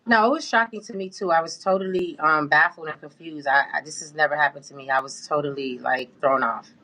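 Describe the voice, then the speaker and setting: Woman in an interview, bright sharp voice, real emphatic and fired up. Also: low-pitched, fairly quick, low-quality recording. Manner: emphatic, indignant storytelling. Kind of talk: interview answers.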